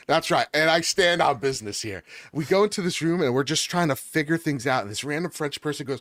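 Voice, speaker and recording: A man's voice: a little high, expressive, brisk, fairly bright tone, no room sound, studio quality. A man co-hosting a gaming show in casual chat, enthusiastic and jokey, rambling as he raves about games. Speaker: gaming podcast co-host.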